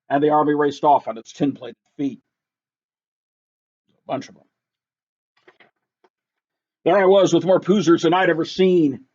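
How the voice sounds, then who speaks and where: A man with a high voice takes a measured pace through a rhyming picture book, pausing often while keeping a lively, sing-song bounce. Sound quality is dull and lo-fi, with the highs rolled off.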